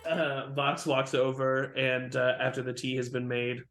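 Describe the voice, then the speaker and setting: A man's voice: mid-range voice, completely flat delivery, a little slow, a bit bright. A man narrating as game master of a tabletop game, in a loose style with lots of fillers. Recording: roomy with faint music.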